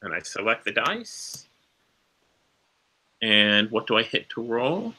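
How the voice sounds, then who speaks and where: Slow, bright-voiced male player. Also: on the low side, big pitch swings, slight background noise.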